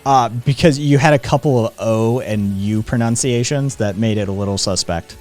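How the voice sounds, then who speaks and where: A man's voice: mid-range voice, normal speed, a little mellow, soft background music. An American man hosting a live stream, chatting casually, rambling with lots of ums and frequent swearing. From United States. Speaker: streamer host. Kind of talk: casual chat.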